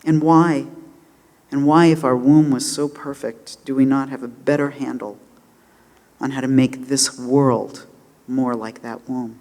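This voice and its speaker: A man giving a sermon, impassioned and dramatic, swinging between loud declarations and hushed moments. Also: medium pitch, fairly even intonation, measured pace, long reverb tail. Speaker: rabbi giving a holiday sermon.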